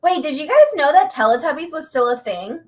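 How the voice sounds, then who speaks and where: A woman's voice: sits high, animated, a little fast. A woman co-hosting a podcast in casual chat, talking loosely with lots of filler words. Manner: chatty, full of "like" fillers. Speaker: podcast co-host.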